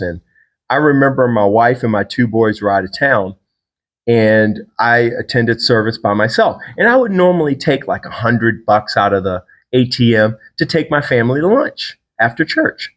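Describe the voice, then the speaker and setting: A middle-aged man hosting a podcast, telling a personal faith story in a casual, animated way and acting out the people he quotes. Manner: animated storyteller, acts out quotes with big pitch jumps. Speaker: podcast host.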